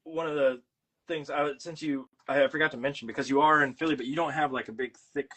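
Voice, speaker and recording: A man's voice: a little high, fairly even intonation, fairly quick, a bit bright, poor audio. A man who grew up in the Midwest, hosting a podcast and chatting animatedly, with lots of fillers. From Midwest, USA. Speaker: podcast host. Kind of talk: casual podcast conversation.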